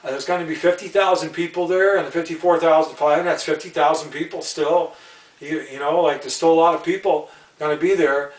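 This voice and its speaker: A man's voice: a little high, steady tone, fairly quick. Rambling indignant man, roomy and distant. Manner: rambling and indignant, repeats himself, stumbles over words. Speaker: channel host. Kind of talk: rambling opinion vlog. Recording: roomy sound, away from the mic.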